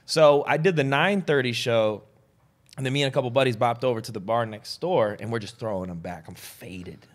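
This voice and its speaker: A young man from Chicago, a comedian guest on a podcast, telling a story in a loose, profane, animated way. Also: medium pitch, fairly quick. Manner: animated, profane, acts out voices in his stories.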